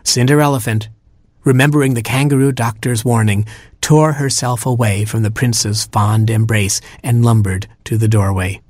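A man narrating a storybook aloud in a playful, expressive way with wry asides. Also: medium pitch, normal speed, dry recording, studio quality.

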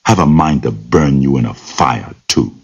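Man drawling as a deep scheming fox. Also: expressive, moderate pace, darkish tone, slightly rough, full character voice. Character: scheming sly male fox. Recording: dull lo-fi recording.

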